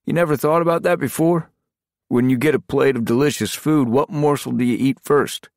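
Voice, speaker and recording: A man voicing an easygoing male team leader who talks with dry, deadpan humor and a husky voice. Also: medium pitch, normal speed, dry recording, voice pushed up, lightly acted. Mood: wry.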